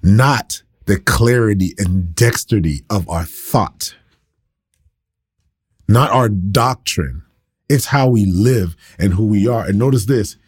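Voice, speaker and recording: A man's voice: fairly low pitch, slow, slightly rough. A man in his thirties, a pastor, teaching the Bible in a casual, conversational way, laughing often and poking fun at himself.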